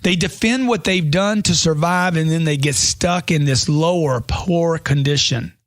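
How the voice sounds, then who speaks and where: A man's voice: a little high, measured pace, no room sound, studio quality. A man reading a money self-help book aloud as scripted audiobook narration, in an emphatic motivational way that leans on rhetorical questions.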